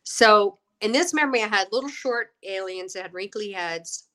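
A middle-aged woman with a bright, forceful voice tells her story with lively energy. She is getting over a cold, acts out the voices of people she quotes, and laughs often. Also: mid-range voice, normal speed. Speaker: guest, actress and UFO experiencer. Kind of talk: animated storytelling.

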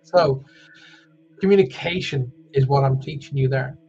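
A man's voice: medium pitch, a little slow, vocal fry, mellow. Chatty Irish man, lo-fi sound. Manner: chatty, jokey, reads out viewer comments. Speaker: host of a live wellbeing show. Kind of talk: casual live-stream talk.

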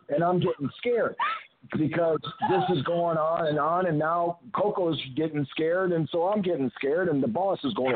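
A man's voice: fairly high pitch, normal speed, heavy background noise. An older man, a retired wrestler, telling rambling stories as a guest in a phone interview, often restarting his sentences. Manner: rambling anecdotes with frequent restarts. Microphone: telephone. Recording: tinny phone line.

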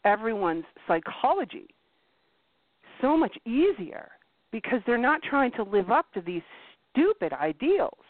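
A blunt, animated woman chats as a talk host, swearing freely and mimicking people she quotes. Her voice sits fairly high and swings widely in pitch. The sound is thin and phone-like, with a dry room. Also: measured pace, dry recording. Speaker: podcast host. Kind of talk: casual chat. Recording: tinny phone-like line, dry.

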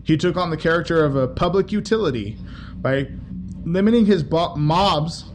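A man's voice: on the high side, expressive, moderate pace, slight background noise. A man casually reading a history book aloud, breaking off for swearing, joking asides. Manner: casual, swears, laughs at the text. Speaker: reader.

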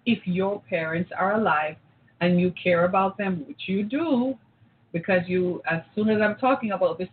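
Brief: woman, impassioned storyteller, emphatic and repetitive, thin phone-like recording with faint hiss. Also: medium pitch. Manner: emphatic, urgent, repeats key points. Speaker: speaker addressing an audience. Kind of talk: impassioned personal storytelling talk. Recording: tinny phone-like audio with faint noise.

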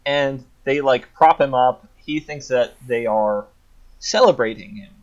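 A man's voice: mid-range voice, unhurried, lo-fi sound. A man co-hosting a casual chat, thoughtfully retelling a film plot at length.

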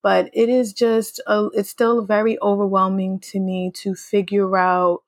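A woman in her thirties hosting her own podcast, talking in a casual, playful, fast and slangy way. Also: mid-range voice, flat delivery, no echo, clean studio sound. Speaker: podcast host. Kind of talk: casual solo podcast chat.

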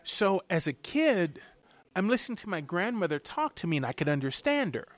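A middle-aged man from Louisiana with a fairly high voice. He talks as a chef being interviewed, chatty and animated, telling stories as he goes. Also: brisk, no room sound. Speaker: chef and TV cooking host. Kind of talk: interview answers, storytelling.

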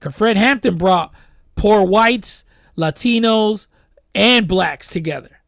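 A man co-hosting a podcast, talking in an animated, incredulous way in casual group chat. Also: high voice, takes it slowly, vocal fry, no echo, studio quality. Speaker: podcast co-host.

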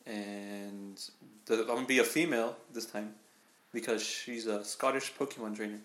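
A man co-hosting a casual podcast chat, laid-back and quick to laugh. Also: on the low side, steady tone, a bit bright, roomy sound. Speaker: podcast co-host.

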